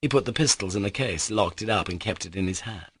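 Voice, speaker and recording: A man reading audiobook narration in a measured, even way. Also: lowish voice, husky, no room sound. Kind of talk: scripted narration.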